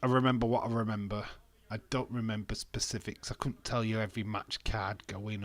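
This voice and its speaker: A man's voice: lowish voice, flat delivery, fairly quick. A man streaming casually, rambling and self-deprecating, with a stuffy, bunged-up nose and frequent laughs. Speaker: wrestling streamer. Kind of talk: casual live-stream chat.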